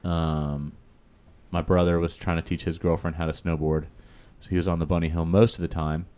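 Very deep-voiced man telling stories. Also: flat delivery, normal speed, mellow, clean tone. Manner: rambling storyteller, lots of fillers and "he's like". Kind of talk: casual chat.

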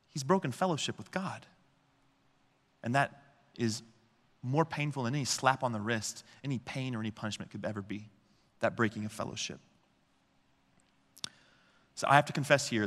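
A man preaching a conversational sermon, telling stories in an animated way and often checking in with the congregation. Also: mid-range voice. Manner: animated storytelling with frequent "okay?" and "right?" check-ins. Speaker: pastor. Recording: long reverb of a large hall.

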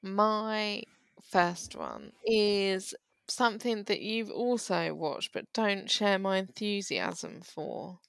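A young woman, co-hosting a casual chat and gushing enthusiastically, quick to laugh. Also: mid-range voice, lively intonation, creaky, a bit bright, dry recording. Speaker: podcast co-host.

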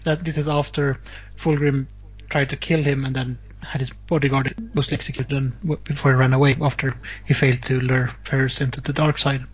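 A man's voice: mid-range voice, flat delivery, a little fast, husky. A man in casual chat, chiming in with corrections and details, on dull lo-fi audio.

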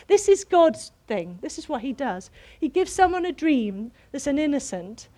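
A woman preaching to a congregation, telling a personal story in an animated way that keeps breaking into laughter. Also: high voice, normal speed, hardly any pauses. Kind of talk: sermon storytelling.

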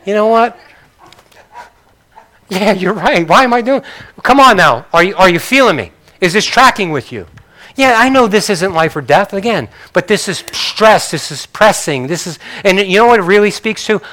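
An older man preaching a sermon in a conversational way, asking the congregation questions and swinging between loud bursts and soft, quiet passages. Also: high voice, animated, moderate pace. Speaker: pastor.

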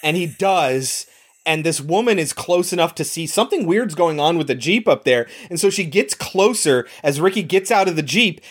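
A woman co-hosting a casual movie review chat, laying out plot details with lots of likes and you-knows. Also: lowish voice. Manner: explains plot details, says like and you know a lot. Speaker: podcast co-host.

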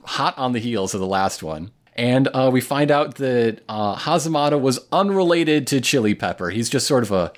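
Lively-voiced man joking on a podcast. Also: medium pitch, normal speed, hardly any pauses. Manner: joking, wry asides, laughs often. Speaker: podcast co-host. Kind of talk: casual chat recapping an anime.

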